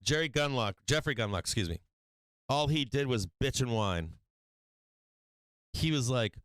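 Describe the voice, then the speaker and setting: A man's voice: mid-range voice, animated, unhurried, pauses often, a bit bright, no room sound. A man hosting a live stock market stream, rambling and mocking, swearing often as he talks to his viewers. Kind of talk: casual profane market chat.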